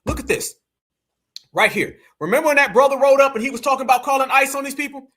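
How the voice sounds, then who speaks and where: A man's voice: very high-pitched, fast talker, fairly bright tone. An American man hosting a live stream, giving incredulous, slangy and mocking reaction commentary. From United States.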